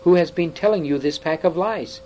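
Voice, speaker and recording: A man's voice: fairly high pitch, moderate pace, a little mellow, a little hiss or hum, pitched above the performer's own voice, natural voice, poor audio. A man reading aloud, voicing a stern, domineering king who speaks in cold, thundering commands.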